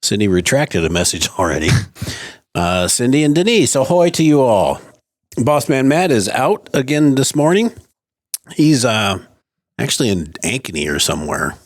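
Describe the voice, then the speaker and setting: A man's voice: mid-range voice, sing-song, normal speed, no echo, studio quality. A male morning show host in casual talk, jokey and easygoing, greeting people with a nautical ahoy, on a headset mic.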